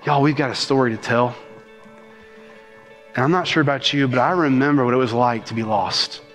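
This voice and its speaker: A man preaching a sermon as pastor, with rhythmic, animated delivery and quick bursts of speech. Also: mid-range voice, big-room sound, faint music behind.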